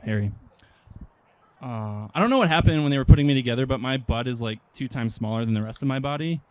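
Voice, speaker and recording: A young man from Nebraska doing a stand-up comedy set, deadpan and hesitant, with many pauses and ums. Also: mid-range voice, clean tone, no echo. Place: outdoor park stage.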